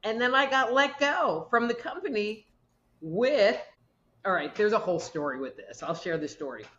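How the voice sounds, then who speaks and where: A woman's voice: mid-range voice, big pitch swings, moderate pace, a bit bright. Woman guest, rambling storyteller, echoey muffled recording. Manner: rambling, acts out quoted voices. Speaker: guest, medical intuitive. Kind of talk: casual storytelling chat.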